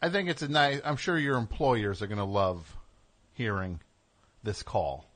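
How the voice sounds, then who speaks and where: A man's voice: fairly low pitch, very animated, unhurried, fairly bright tone. A man hosting a call-in radio show, teasing and ribbing his caller in casual chat.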